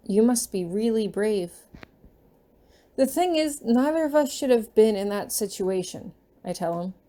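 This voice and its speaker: A woman reading her fan fiction aloud in a gentle, unhurried storytelling manner. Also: on the high side.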